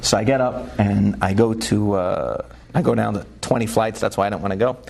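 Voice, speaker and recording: A man, a rabbi, telling a personal story in a lively way, laughing as he goes and getting louder and higher when excited. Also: a little fast, gravelly, slight background noise. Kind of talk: animated storytelling talk.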